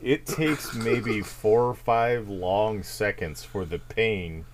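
This young podcast co-host has a lowish voice and speaks slowly over a noisy background. It's a casual chat full of stories, and he tells them with animation and plenty of laughter.

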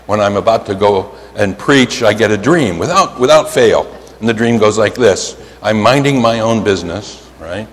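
Pennsylvania preacher in a reverberant hall. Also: male voice, on the low side. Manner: animated storytelling, drawn-out emphatic words, frequent "right?". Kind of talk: sermon. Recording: hall reverb, faint ambience.

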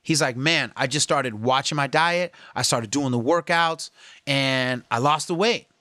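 Talking unhurriedly to his viewers, a medium-pitched health and fitness vlogger offers casual motivational coaching in an earnest, slangy style. He gets animated when quoting others, and the studio-quality recording has no echo.

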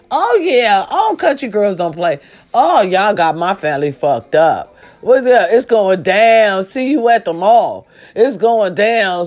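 A woman, telling comic family stories in a profane, animated way, swinging from hushed sincerity to loud shouting. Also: fairly high pitch. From American South. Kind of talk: casual comedic storytelling monologue.

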